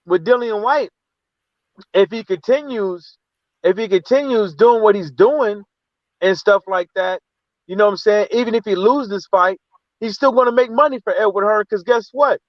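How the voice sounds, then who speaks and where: A man's voice: high-pitched, moderate pace, no echo. A man co-hosting a boxing talk show, blunt and profane, often asking "you know what I'm saying" in a heated casual debate. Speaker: podcast co-host. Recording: dry, dull lo-fi line.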